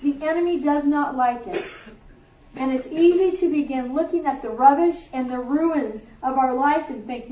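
A woman's voice: high-pitched, normal speed, a little mellow, reverberant, distant mic, poor audio. A middle-aged woman giving a sermon to a group, earnest and conversational, with offhand asides. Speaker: Bible teacher. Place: warm room with a group.

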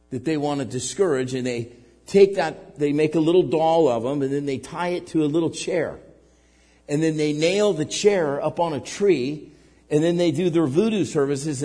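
A male pastor preaching a sermon with animated energy. He acts out little scenes and keeps asking "right?" and saying "man.". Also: fairly high pitch, in a large hall.

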